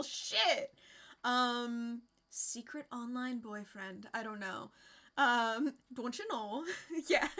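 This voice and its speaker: A woman's voice: fairly high pitch, pushed and bright. A woman live streamer chatting casually with her viewers, rambling, laughing often and swearing freely.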